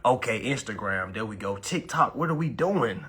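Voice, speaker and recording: A man hosting a livestream class, hyping his viewers, repeating phrases and urging them to comment, then slowing to hushed, deliberate talk for key points. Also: medium pitch, expressive, breathy edge. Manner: drops to slow, hushed talk when stressing points. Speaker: live-stream host teaching about bills. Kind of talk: hyped social-media livestream class.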